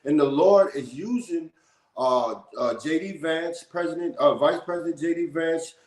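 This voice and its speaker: A man's voice: fairly high pitch, unhurried, darkish tone. A man co-teaching scripture who reads verses and tags lines with "man". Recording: echoey room.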